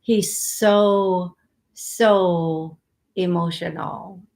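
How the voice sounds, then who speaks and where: A woman hosting a live psychic reading, speaking in a halting way, repeating words and thinking aloud, soft-spoken and emotional. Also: lowish voice, fairly even intonation, vocal fry. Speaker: psychic medium host.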